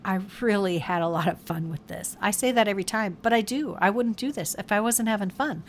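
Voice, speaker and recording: A woman talks through a craft project step by step in a relaxed, chatty voice over the footage, stopping to correct her own words. Her pitch sits in the middle, and faint noise hums behind her. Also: normal speed, few pauses. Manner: chatty, self-correcting, fond of her materials. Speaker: card-making tutorial host. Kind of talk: casual step-by-step craft narration.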